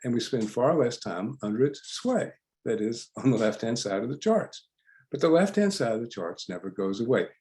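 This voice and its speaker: A man's voice: mid-range voice, animated, moderate pace, a little mellow. An older male psychologist leading a workshop, telling stories in a chatty lecture and often repeating words as he restarts. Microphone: online workshop recording.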